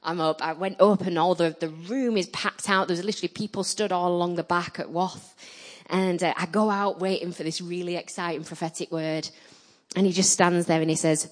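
A woman in her thirties preaching a sermon, telling personal stories with animated, emphatic delivery. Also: moderate pace. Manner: animated storytelling, rising loud and emphatic at high points.

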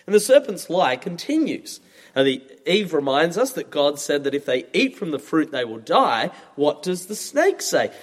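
A man in his thirties preaches a sermon in a chatty, expressive way. His voice sits high and swings widely in pitch. The sound carries a long reverb from a large hall. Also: moderate pace. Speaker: pastor.

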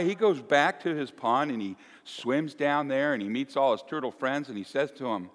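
A male pastor giving a folksy, animated sermon with playful asides to the congregation. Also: medium pitch, normal speed, hardly any pauses. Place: church. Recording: echoey church hall.

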